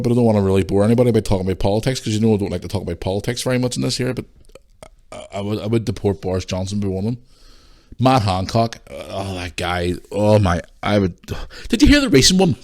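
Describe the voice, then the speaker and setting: A middle-aged man from Northern Ireland hosts a casual solo podcast, ranting bluntly and swearing freely while sounding tired and yawning. His voice is medium in pitch with a darkish tone.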